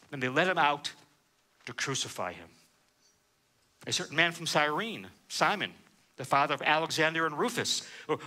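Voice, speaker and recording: A pastor with a bright, forceful voice on the high side preaches a sermon. He reads scripture aloud and explains it verse by verse, often saying "uh."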